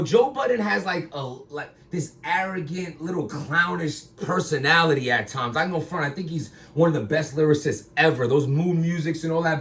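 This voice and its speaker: A battle rapper talking in a rambling casual commentary, bursting into loud emphatic lines. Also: male voice, sits high, distant mic.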